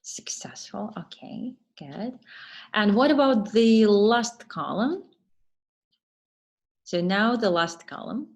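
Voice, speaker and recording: A woman leads an online training webinar at an unhurried pace, stopping often to wait for answers from the chat. Her pitch sits in an everyday middle range. She sounds like she is talking into a computer mic on a video call. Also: expressive. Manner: slow, patient explaining, pausing for chat answers. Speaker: teacher trainer.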